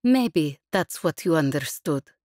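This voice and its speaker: A woman's voice: low-pitched, lively intonation, takes it slowly, a little mellow, no echo, clean studio sound. A woman reading a curt female gang leader. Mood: veiled threat. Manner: curt, thinly veiled threat.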